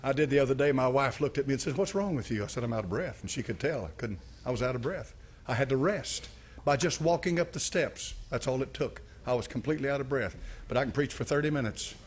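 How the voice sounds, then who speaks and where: A man, a pastor preaching and praying aloud in a church service, earnest and dropping low and quiet in prayer. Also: fast, slight background noise. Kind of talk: sermon.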